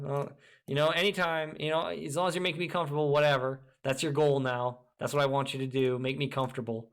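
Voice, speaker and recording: A man in the middle of a scornful rant, swearing freely and hammering his points home. He sits at an average pitch for a man. His delivery stays emphatic and mocking, and he often breaks into laughter. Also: fast. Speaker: video creator. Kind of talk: ranting monologue.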